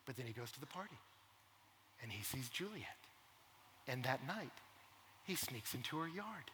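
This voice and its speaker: A young adult man preaching a sermon, dropping to near-whispers and then building to loud, passionate crescendos. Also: a little high, expressive, brisk, long pauses, big-room sound, slight background noise. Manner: swings from hushed intimacy to loud impassioned crescendos. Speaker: pastor.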